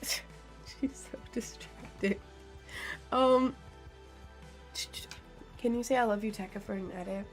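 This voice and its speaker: A woman's voice: medium pitch, slow pace, pauses often, faint music behind. A young woman streamer in casual live-stream chat. She giggles often, reads viewers' questions aloud, and answers them playfully.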